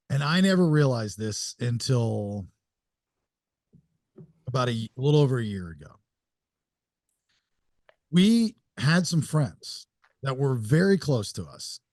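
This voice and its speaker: A man with a gravelly, rough-edged voice that rises and falls a great deal as he tells a casual story on a podcast. He is halting and rambling and often restarts mid-sentence. The sound is dry and close to the mic. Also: medium pitch, darkish tone, no echo. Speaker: podcast co-host.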